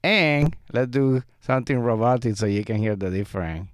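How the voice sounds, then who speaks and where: A man's voice: mid-range voice, normal speed, dry recording, clean studio sound. Man explaining vocal tuning. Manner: relaxed, explains step by step, laughs often. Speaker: music producer and tutor. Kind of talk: screen-recorded software tutorial. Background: vocal track playback.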